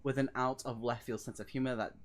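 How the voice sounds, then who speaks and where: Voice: medium pitch, fairly even intonation, fast. A read-along livestream host chatting casually between reading sessions, giggly and rambling and often self-mocking.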